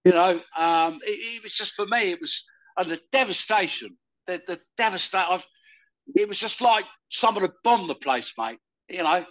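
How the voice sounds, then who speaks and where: An older man from the UK, talking loudly and rambling in a casual interview. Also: high voice, expressive, moderate pace, low-quality recording. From United Kingdom. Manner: loud, rambling, calls the listener "mate". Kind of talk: casual conversation.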